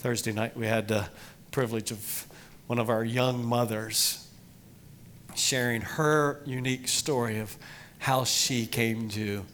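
A man's voice: steady tone, a little slow, a little hiss or hum. Emphatic man preaching a sermon. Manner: emphatic, rising loud for emphasis then dropping low. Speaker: pastor.

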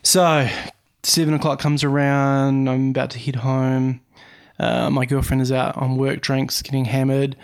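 A man co-hosting a podcast, telling a story in an animated, self-deprecating way. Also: medium pitch, measured pace, vocal fry. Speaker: podcast co-host. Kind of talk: casual storytelling.

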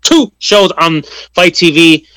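Bright-voiced man hosting a podcast. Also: a little high, expressive, slow, a little hiss or hum. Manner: upbeat, announcing plugs to listeners. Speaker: podcast host. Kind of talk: podcast wrap-up and plugs.

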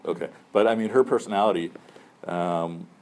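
A man's voice: deep voice, a little fast, darkish tone. A middle-aged man, a Muslim chaplain, giving students casual, conversational advice and often checking in with "right?" and "okay?". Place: room with a student group.

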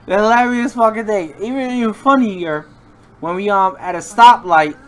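A man hosting a casual podcast, excitable and slangy, often breaking into laughter. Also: high voice, moderate pace, clear, resonant tone. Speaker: podcast host.

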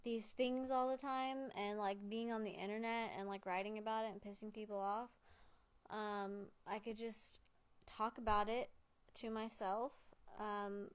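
A woman with a mid-range, smooth voice speaks in a flat, unhurried way as she hosts a solo podcast alone at home into a fancy studio microphone, though the sound is lo-fi. She rambles loopily, cracking goofy jokes, interrupting and correcting herself, and keeps saying "just kidding."

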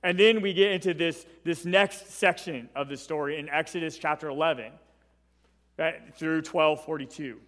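A man's voice: a little high, steady tone, moderate pace, fairly bright tone, in a large hall. A man preaching a Bible teaching in a conversational way, often checking in with "right?" as he goes. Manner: conversational, tags points with "right?".

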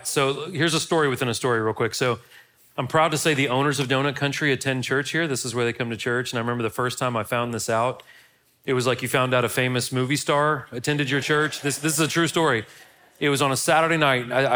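A man's voice: medium pitch, steady tone, brisk, sharp tone. A middle-aged man, a pastor opening his sermon with a chatty, self-deprecating story before moving into the teaching.

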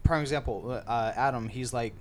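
A man in casual chat with a teasing, animated manner. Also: mid-range voice, normal speed. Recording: faint background noise.

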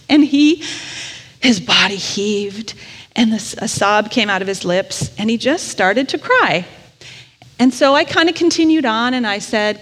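A woman's voice: on the high side, lively intonation, measured pace, fairly bright tone. Woman preaching in a reverberant hall. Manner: conversational, candid and self-deprecating. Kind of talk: storytelling sermon. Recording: long reverb of a large hall.

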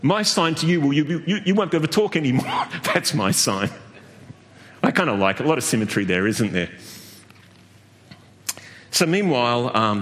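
Animated preacher man in a reverberant hall. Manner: animated preaching with sudden high exclamations and laughs. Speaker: pastor. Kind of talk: sermon.

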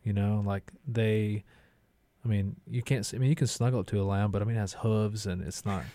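A man's voice: on the low side, fairly even intonation, brisk, dark tone, no room sound. A man, a chef and restaurant owner, chatting casually as a guest in rambling, laid-back stories. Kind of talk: casual conversation.

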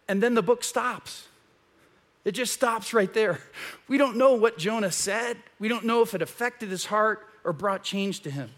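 High-voiced man preaching a sermon. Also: measured pace. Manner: animated storytelling, acts out quoted voices. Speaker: pastor. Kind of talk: conversational sermon. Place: church.

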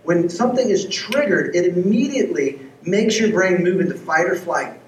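A man's voice: sits high, expressive, normal speed, slight background noise. A man preaching a sermon who tells stories and acts out the dialogue in them. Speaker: pastor. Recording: echoey room, heard from far off.

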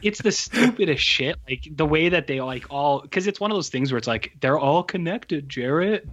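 A man with a fairly high voice rambles through a movie rundown, cursing freely and animated in his storytelling. The sound is muffled and lo-fi, coming over a remote call. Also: normal speed. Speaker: podcast co-host reviewing movies. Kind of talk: casual chat.

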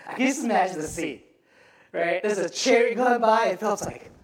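A man preaching a sermon as pastor, telling the story with animated acted-out voices and frequent asides to the congregation. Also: high-pitched, brisk, echoey room.

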